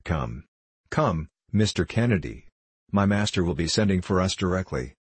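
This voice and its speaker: For a storybook reading, a narrator takes on the role of a devoted young male servant who is cheerful, earnest and eager throughout. His voice sounds low and slightly husky, animated at a normal pace, in a close, dry recording.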